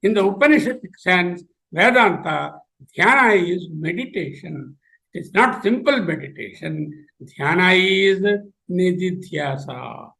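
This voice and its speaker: A man with an Indian accent giving a spiritual lecture, explaining terms deliberately and repeating them to spell them out. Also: sits high, gravelly, sharp tone, rough recording. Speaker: lecturer giving an endowment oration.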